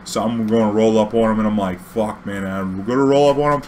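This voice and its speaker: Profane low-voiced man telling a story. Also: fast talker, a little hiss or hum. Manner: profane, animated, acts out dialogue. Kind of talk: casual storytelling.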